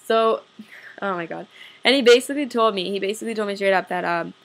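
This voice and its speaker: A woman's voice: mid-range voice, quick pace. A young adult woman, venting to camera in a casual storytime rant full of swearing and "like". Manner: profane, fired-up, heavy use of "like". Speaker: vlogger.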